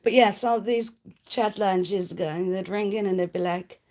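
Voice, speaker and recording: A woman's voice: medium pitch, steady tone, a little slow, a little mellow. A woman hosting a casual livestream, chatting cheekily with viewers and laughing often. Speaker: livestream host.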